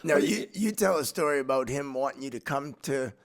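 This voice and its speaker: A man's voice: medium pitch, lively intonation, over a noisy crowd. Hesitant male podcast host. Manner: halting, filler-heavy questions. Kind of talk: casual interview chat.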